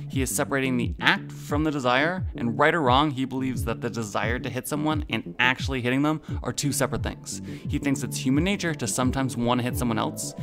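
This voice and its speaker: Guy reading a video essay, measured, analytical, soft music under. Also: mid-range voice, creaky. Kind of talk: scripted narration.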